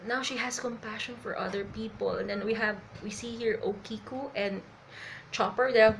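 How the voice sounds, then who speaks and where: A woman doing a live reaction to a comic, excitable and a little nervous, laughing and tagging her sentences with "okay?". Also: a little high, normal speed, vocal fry, slight background noise, rough recording. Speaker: manga reaction vlogger. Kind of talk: live reaction and reading aloud.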